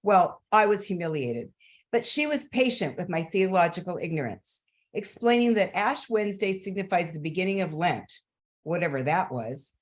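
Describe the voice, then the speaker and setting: A woman in her sixties, a former nurse, reading her personal story aloud on stage in a measured, earnest way with gentle humor. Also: lowish voice, lively intonation.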